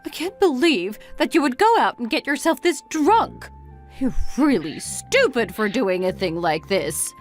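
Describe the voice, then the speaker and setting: A woman's voice: a little high, sing-song, soft background music. A woman playing an exasperated middle-aged mother who fires off complaining questions in a dramatized family story. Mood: scolding. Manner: complaining, rapid-fire questions.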